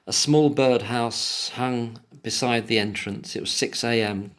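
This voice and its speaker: A man's voice: mid-range voice, unhurried, a bit bright. A man giving a solo commentary, reading an article aloud and breaking off into emotional, indignant rants with plenty of swearing. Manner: reads passages aloud, then breaks off to rant.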